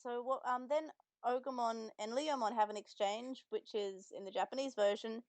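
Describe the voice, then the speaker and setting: A woman's voice: fairly high pitch, fairly even intonation, moderate pace, no room sound. Chatty young woman podcast co-host. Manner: chatty, retells scenes and quotes lines. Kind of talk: casual chat.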